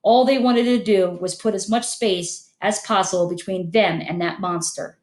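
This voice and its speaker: A woman narrating an audiobook in steady storytelling. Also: medium pitch, normal speed, echoey room. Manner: steady storytelling, many character voices. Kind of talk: scripted narration.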